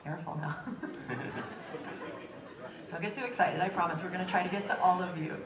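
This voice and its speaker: A woman's voice: fairly low pitch, steady tone, normal speed. A woman moderating a convention Q&A panel, friendly and upbeat, calling on the audience and putting questions to the guest. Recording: echoey hall from far off, crowd behind.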